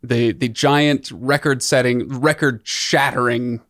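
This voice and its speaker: A man's voice: medium pitch, fairly even intonation, slow pace, a bit bright. A male podcast host talking in a loose, rambling way, starting sentences over and poking fun at himself. He sounds a little off, as though under the weather. The studio sound is close and dry, with no room echo. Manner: rambling, self-deprecating, restarts often. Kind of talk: casual chat.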